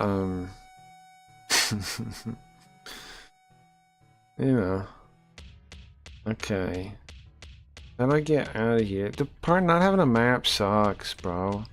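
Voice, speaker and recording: A man streaming a game, chatting casually in a loose, rambling, profane way. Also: on the low side. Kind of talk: casual live-stream chat while playing.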